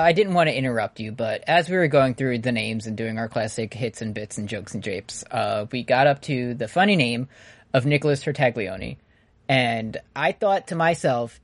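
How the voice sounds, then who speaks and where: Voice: medium pitch, expressive, normal speed. A podcast co-host chatting casually, rambling and joking, often breaking off mid-sentence. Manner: rambling, jokey, self-interrupting. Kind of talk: casual chat.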